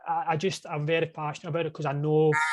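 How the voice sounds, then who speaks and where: A man's voice: a little high, completely flat delivery, quick pace, no room sound. A man, a podcast guest on a video call, telling his story openly and earnestly and often asking "you know what I mean?". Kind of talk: casual interview over video call.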